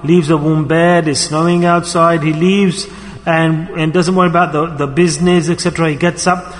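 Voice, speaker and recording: A man's voice: on the high side, little pitch movement, moderate pace. Preaching man in a reverberant hall. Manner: asks the audience questions and calls for responses. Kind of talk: sermon to a congregation.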